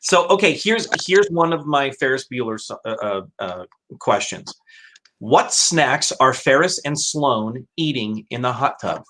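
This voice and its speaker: A man's voice: medium pitch, expressive, measured pace, pushed and bright, a little hiss or hum. A man hosting a casual live-stream chat, speaking in a hesitant way with many restarts. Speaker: host.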